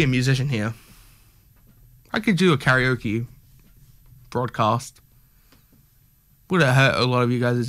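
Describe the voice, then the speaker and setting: A man's voice: mid-range voice, a little slow, pauses often, fairly bright tone. A young man hosting a stream, chatting casually in a joking, rambling, self-mocking way. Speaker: stream host.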